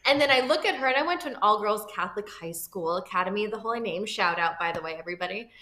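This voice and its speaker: A woman in her thirties from Florida, an actor telling animated stories as an interview guest and acting out the people she quotes. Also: medium pitch, rapid-fire. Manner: lively, expressive, acts out quoted people. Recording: roomy echo.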